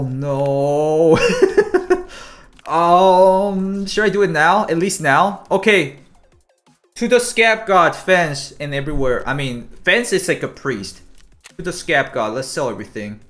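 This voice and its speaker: Excitable giggly male game streamer. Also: fairly high pitch. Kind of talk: gameplay commentary stream.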